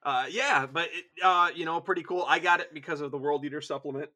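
A man's voice: a little high, fast, pushed and bright. A man co-hosting a podcast in casual chat, rambling, profane and enthusiastic. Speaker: podcast co-host.

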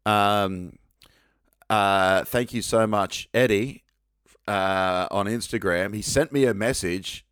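A man's voice: on the low side, slow pace, a bit bright, clear, resonant tone, no echo, clean studio sound. A man hosting a podcast, jokey and rambling with frequent restarts. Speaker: podcast host. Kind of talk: casual podcast chat.

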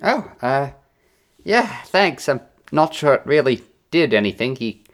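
A man's voice: medium pitch, very animated, unhurried. A man playing a tabletop game, modest and hesitant, with many fillers. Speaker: player. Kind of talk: casual tabletop play chat.

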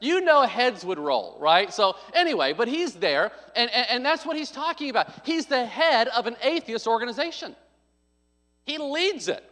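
Very high-voiced and very animated, a pastor preaches at a normal pace in a bright, forceful tone. He tells a story with humorous asides and performs the characters' words, all ringing with long hall reverb.

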